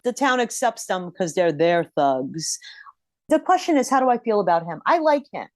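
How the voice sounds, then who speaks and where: A woman's voice: mid-range voice, very animated, moderate pace, darkish tone, no echo, clean studio sound. A woman co-hosting a podcast, chatting casually with lots of "like" fillers. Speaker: podcast co-host. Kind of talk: casual chat.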